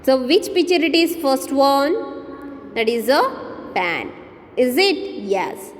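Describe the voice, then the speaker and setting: Slow Indian English teacher spelling words. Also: female voice, high-pitched, very animated, in a large hall, slight background noise. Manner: spells letter by letter, asks and answers her own questions. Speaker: kindergarten teacher. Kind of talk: slow phonics lesson, spelling words aloud.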